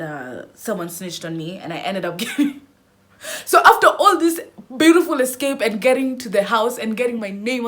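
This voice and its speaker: A young woman vlogger telling a dramatic storytime, squealing into high cries as she acts out her panic. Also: a bit bright. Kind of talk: animated storytime.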